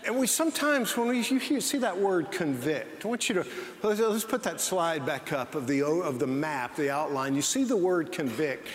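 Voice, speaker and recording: Man, pastor, sermon, fairly high voice, restarts, echoing hall, faint hiss. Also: big pitch swings, normal speed. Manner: storytelling with frequent restarts. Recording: long hall reverb, faint noise.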